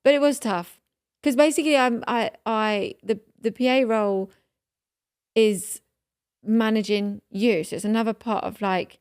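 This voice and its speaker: A woman's voice: a little high, steady tone, unhurried, a little mellow, clear, resonant tone, no room sound, studio quality. A woman in her thirties, co-hosting a podcast and telling a story in casual chat, full of fillers and emotion. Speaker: podcast co-host.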